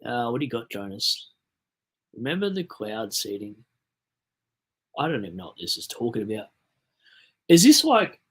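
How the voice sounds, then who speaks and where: A young Australian man talks on a livestream, loose and rambling, his voice sitting at an ordinary middle pitch. He reads viewer messages aloud and answers them as he goes. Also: bright, forceful tone, husky. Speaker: livestream host. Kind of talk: casual livestream chat.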